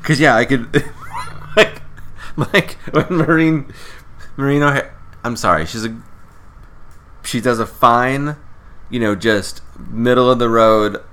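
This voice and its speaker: Woman co-host, very deep voice, animated delivery. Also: unhurried, pauses often. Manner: animated, laughs often. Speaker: podcast co-host. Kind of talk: casual movie chat.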